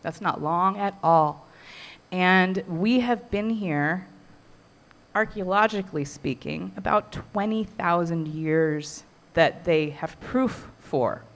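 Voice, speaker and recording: A woman's voice: fairly low pitch, slow pace. A middle-aged woman who weaves baskets, giving a heartfelt, earnest talk to a community workshop audience. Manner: heartfelt and earnest, with soft laughs.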